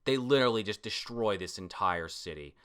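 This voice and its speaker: An excitable man talks his way through a comic chapter, reacting as he goes. His voice is bright and tense, and he swears freely. He breaks in with loud exclamations between his descriptions. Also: lowish voice, a little fast, clean tone. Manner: excitable, profane, frequent exclamations. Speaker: manga reader reacting to a chapter. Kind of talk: excited read-through commentary.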